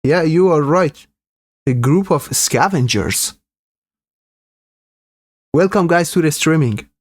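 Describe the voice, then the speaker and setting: A man's voice: on the high side, expressive, slow, dry recording, studio quality. A man hosting a live reaction stream, commenting earnestly and indignantly to his viewers.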